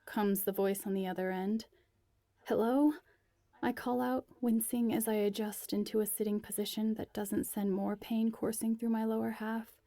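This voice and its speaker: A woman reading a first-person story aloud in a quiet, intimate way, sometimes dropping to a breathy whisper. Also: mid-range voice, level tone, normal speed, hardly any pauses, no room sound. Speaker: narrator.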